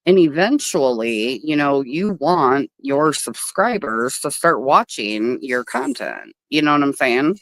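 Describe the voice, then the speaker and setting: A woman hosting a casual livestream, talking to viewers from a table outdoors. Her pitch swings widely as she chats, and she is blunt and swears freely. The sound is dry, with little echo. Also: sing-song, a little slow, few pauses, fairly bright tone. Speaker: livestream host.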